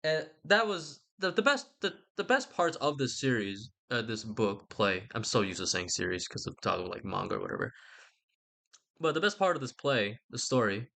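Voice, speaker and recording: A man's voice: medium pitch, sing-song, moderate pace, gravelly, pushed and bright. A man rambling casually about a book, slangy and irreverent, often stopping to correct himself. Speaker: video essayist.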